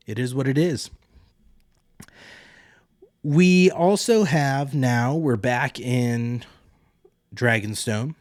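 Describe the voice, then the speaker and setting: A man with a fairly low voice chats his way through an episode recap on a podcast, paraphrasing the characters in an offhand way. He is blunt and self-mocking, and he swears casually. The sound is close and dry, with no room echo. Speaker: podcast host.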